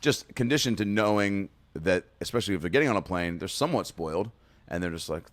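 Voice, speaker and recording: A low-voiced man riffs and jokes as a podcast host, swearing freely. His intonation swings widely, and the recording sounds dry and close. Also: expressive, fast talker, no echo. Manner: riffing, jokey, swearing. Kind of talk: casual podcast chat.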